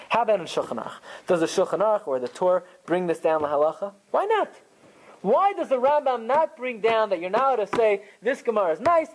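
A man leads a Talmud class. His pitch swings widely, leaping up and down as he makes each point. He sounds casual and conversational, mixing in Hebrew and Yiddish terms. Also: poor audio. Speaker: Torah teacher.

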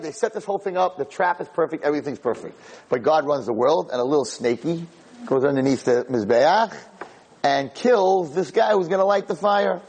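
A man's voice: breathy edge, poor audio. A man giving a spoken sermon, retelling a scripture story dramatically and acting out the quotes. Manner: animated, dramatic retelling with acted-out quotes and sudden high exclamations. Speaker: rabbi giving a Torah talk.

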